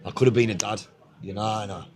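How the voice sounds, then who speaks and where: A man's voice: fairly low pitch, fast, a little mellow. A man with a Northeast English accent telling his life story in casual chat, blunt, swearing a lot and often repeating himself. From Northeast England. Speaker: guest.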